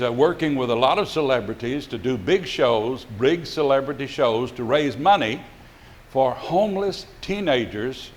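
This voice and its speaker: An older male pastor telling a folksy, rambling story in a sermon, with many fillers and restarts. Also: medium pitch.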